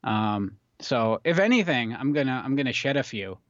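A man's voice: medium pitch, expressive, moderate pace, dry recording. Laid-back rambling man, dry dull sound. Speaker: podcast co-host. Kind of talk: casual chat. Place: makeshift recording booth in a basement.

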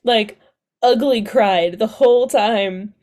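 A woman's voice: fairly high pitch, takes it slowly, a little mellow. A woman co-hosting a podcast, chatting casually and gushing enthusiastically about books she loved, often laughing. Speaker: podcast co-host.

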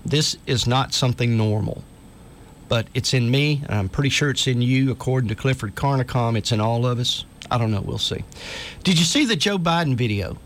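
A man's voice: mid-range voice, expressive, fairly quick, slight background noise. Earnest man hosting talk radio. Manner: earnest, urgent, reads articles aloud. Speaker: radio show host.

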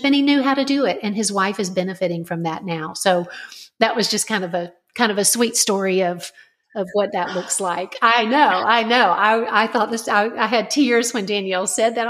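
A middle-aged woman who writes about parenting appears as a podcast guest, earnestly recounting a family story in a conversational way. Her voice sits at a medium pitch with a fairly bright tone.

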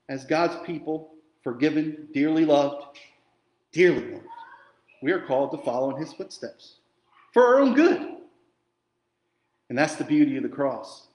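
A man preaching a sermon as pastor, from New Jersey, animated and conversational with jokey asides, swinging from quiet to loud and emphatic. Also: medium pitch, echoey room. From New Jersey, USA.

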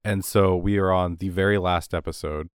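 A man with a sinus cold and a lowered voice, chatting casually and telling stories on a podcast. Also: normal speed, clear, resonant tone, no echo. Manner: storytelling, animated. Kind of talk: casual chat.

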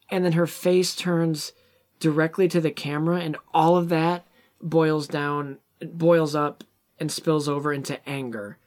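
Man animatedly retelling a movie. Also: a little high. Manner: animated retelling, acting out quoted lines. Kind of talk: casual movie discussion.

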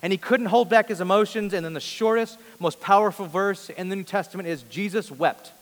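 A man in his thirties preaching a sermon before a large congregation, earnest, moving between loud emphasis and soft, hushed lines. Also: sits high, fairly quick. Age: 30s. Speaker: pastor. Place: large church hall before a big congregation. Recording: long reverb of a large hall.

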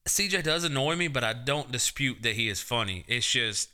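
A man co-hosting a casual podcast, telling stories in a profane, animated way. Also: mid-range voice, normal speed, smooth. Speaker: podcast co-host. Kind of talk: casual crude chat.

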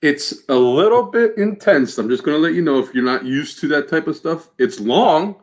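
A man's voice: fairly high pitch, moderate pace. A young man chatting casually with friends, teasing and steering the conversation. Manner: lively, teasing, leads the talk. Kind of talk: casual group chat.

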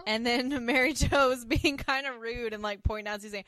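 A woman co-hosting a casual podcast, recapping an episode in an animated way and slipping into playful character voices. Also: on the high side, measured pace, no room sound. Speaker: podcast co-host.

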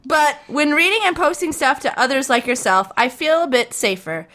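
A woman's voice: high voice, animated, moderate pace, sharp tone. A woman co-hosting a podcast in casual chat, reading listener messages aloud with a playful, giggly delivery. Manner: giggly, playful, reads with jokey emphasis. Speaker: podcast co-host.

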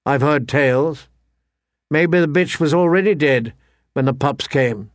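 A man's voice: a little high, a little slow, no room sound, studio quality, close to an everyday voice. A man voicing an uneasy, superstitious guardsman, wary and ominous, in an audiobook reading. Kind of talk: audiobook character voice.

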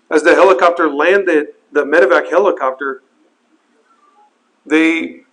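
A man with a slightly higher voice tells a personal story. He talks earnestly and haltingly, often repeating words and restarting his sentences as he goes. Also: a bit bright, rough recording. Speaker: helicopter flight instructor telling his crash story. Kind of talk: personal account, spoken testimony.

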